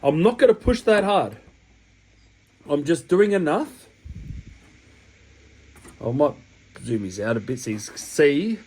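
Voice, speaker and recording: A man's voice: a little high, big pitch swings, slow pace, pauses often, darkish tone, husky, poor audio. An Australian man with a sniffly cold, explaining a hobby task step by step in a chatty, rambling way that keeps correcting itself. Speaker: hobby channel host. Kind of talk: casual step-by-step tutorial. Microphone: camera mic while working.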